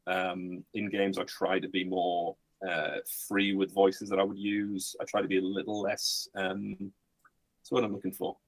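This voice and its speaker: A man with a low, husky voice chats about running games in a halting way, full of ums and restarts. He sits close to the mic in a dry space with no room sound. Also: completely flat delivery, dry recording. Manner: hesitant, many fillers and restarts. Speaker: game master. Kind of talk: casual podcast chat.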